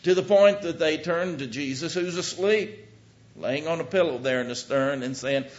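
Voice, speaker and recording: A man's voice: a little high, normal speed. Preacher man with a muffled sound. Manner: storytelling with sudden loud and hushed swings. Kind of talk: sermon. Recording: dull lo-fi recording.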